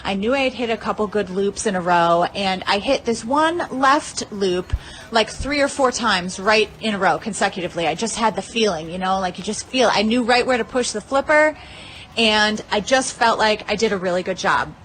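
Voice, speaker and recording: A woman gushing excitedly through a story of her own win, swearing freely and full of "like" and "you know.". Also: medium pitch, moderate pace, slight background noise. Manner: uses many fillers like "like" and "you know". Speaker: pinball player telling a tournament story. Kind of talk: casual storytelling monologue.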